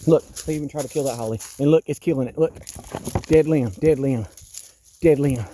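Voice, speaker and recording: Man in his fifties, outdoors, agitated, repetitive, fairly high voice. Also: brisk, warm tone, slight background noise. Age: 50s. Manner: agitated, exasperated, repeats himself. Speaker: vlogger. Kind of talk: walking-tour vlog rant. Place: outdoors in a wooded yard.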